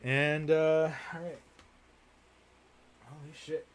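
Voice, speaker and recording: Showing his film collection on a livestream, a young man rambles casually and swears freely as he rants. His voice sits fairly high, with a flat delivery, and he takes it slowly.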